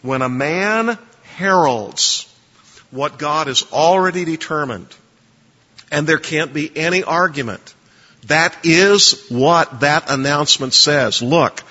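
A man's voice: fairly high pitch, slow pace, pushed and bright. A man lecturing a class on preaching, emphatic, quizzing listeners to fill in blanks in their notes. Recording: dull lo-fi recording with long reverb.

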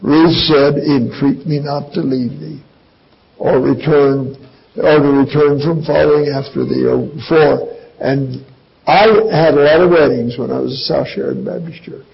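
An older man preaching a sermon as pastor, his gravelly voice jumping into high, emphatic outbursts. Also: steady tone, moderate pace, lo-fi sound.

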